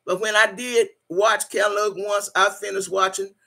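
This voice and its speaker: Speaking at medium pitch with a flat, unhurried delivery, she has vocal fry and a bright, forceful tone. The woman runs a casual livestream for her channel, reading viewer comments aloud, laughing often, calling people "y'all," and pressing them to like and subscribe.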